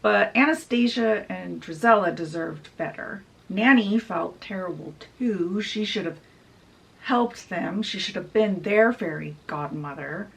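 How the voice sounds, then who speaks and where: A woman's voice: medium pitch, a little slow, creaky, distant mic, poor audio. A woman book vlogger casually retelling a story in a chatty, storytelling way. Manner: chatty, storytelling, with fillers like "she's like". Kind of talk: casual book summary vlog.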